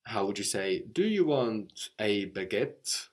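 A man's voice: on the low side, sing-song, slow pace. A man teaching a language lesson, explaining step by step in a patient way and often checking in with a questioning "no?".

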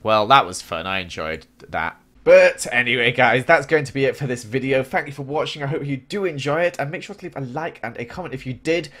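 A young man giving excitable gameplay commentary as a gaming YouTuber, with dramatic exclamations and gasps. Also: medium pitch, fairly quick, hardly any pauses. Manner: animated, exclaims and gasps often, dramatic reactions.

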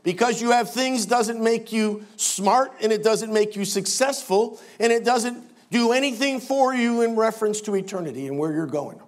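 A man's voice: high-pitched, normal speed, few pauses. An older man preaching a sermon as pastor, emphatic with wry asides.

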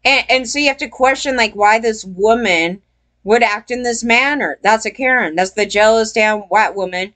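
A woman's voice: on the high side, normal speed, a bit bright. A woman vlogger telling a story in a casual, rambling rant, emphatic and full of swearing.

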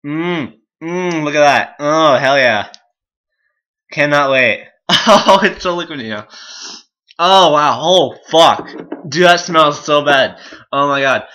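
Bright-voiced young guy vlogging. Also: slow pace. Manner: swearing, groaning and laughing through a hot sauce challenge; muttering low asides. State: in pain, teary. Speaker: YouTuber. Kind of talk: casual vlog.

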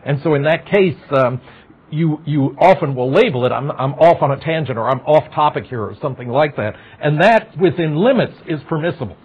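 In a lecture hall, a middle-aged psychology professor talks fairly quickly in a husky, animated voice on the high side. He addresses the class informally, posing questions and slipping in wry comments, captured on a dull, lo-fi recording.

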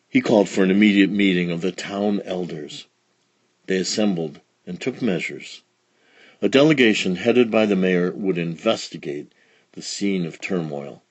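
A man reading a children's storybook aloud with expressive, dramatic storytelling. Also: sits low, moderate pace, husky, dry recording. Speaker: storybook reader. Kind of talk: children's read-along narration.

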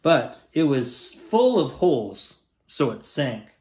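A man's voice: medium pitch, big pitch swings, takes it slowly, darkish tone. A man reading a children's picture book aloud as a bedtime story, switching into voices for the characters. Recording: roomy echo.

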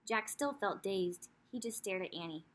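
A woman's voice: medium pitch, lively intonation, moderate pace, fairly bright tone. A woman teacher reading a children's chapter book aloud, telling the story expressively with asides to young listeners.

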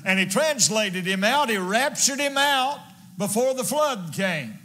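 High, bright-voiced fervent evangelist. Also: male voice, lively intonation, measured pace, a little hiss or hum. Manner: fervent preaching, pounding repetition. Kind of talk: sermon.

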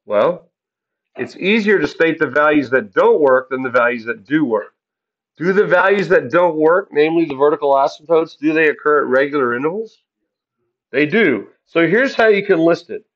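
A man's voice: fairly high pitch, animated, normal speed, highs cut off. A man teaching a math class in an upbeat, jokey way, asking the class questions as he works through the graphs. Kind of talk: classroom lesson.

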